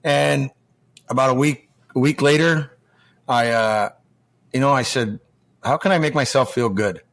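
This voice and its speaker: A man's voice: mid-range voice, a little slow, a bit bright. A man in his forties, a former pro hockey player now coaching juniors, telling stories as a podcast guest in a loose, rambling, profane way and acting out quoted dialogue. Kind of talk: casual storytelling chat.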